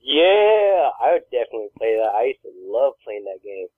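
A podcast co-host tells funny stories in a laid-back way, often laughing during the casual chat. His voice is lowish, fast, and slightly rough, with no echo, and the recording sounds dry, tinny, and phone-like.

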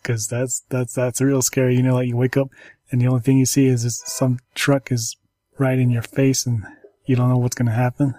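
A man of medium pitch hosts a casual talk, faltering through stories and app walkthroughs with lots of ums and restarts. He sounds warm but flat, and the recording is dry.

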